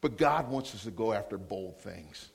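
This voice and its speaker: A man preaching as a guest speaker in a church, laughing often and repeating words when excited. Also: lowish voice, moderate pace, vocal fry, husky. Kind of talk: sermon with prophetic words. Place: church hall.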